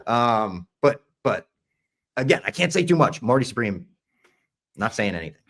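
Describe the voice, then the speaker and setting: A man hosting a podcast, chatting casually and enthusiastically, sometimes dropping to a hush for asides. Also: medium pitch, sing-song, normal speed. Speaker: podcast host.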